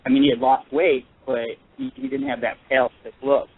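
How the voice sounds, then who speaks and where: A man calling in to a radio show, telling a personal story in an earnest, halting way with many pauses and restarts. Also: mid-range voice, level tone, slightly rough. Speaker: caller. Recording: tinny phone line.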